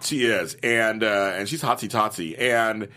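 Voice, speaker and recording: A man's voice: lowish voice, measured pace, faint music behind. A man co-hosting a podcast, chatting casually about the week's soap episodes and quoting characters in playful voices. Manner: animated, quotes characters in playful voices, laughs often. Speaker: podcast co-host. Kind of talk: casual chat reviewing a TV soap.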